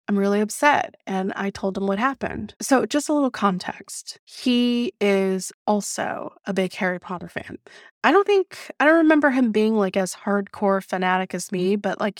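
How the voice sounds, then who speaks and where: A woman podcast host casually telling a story from her own life, animated and venting, swearing freely with bursts of laughter. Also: medium pitch, no echo, clean studio sound.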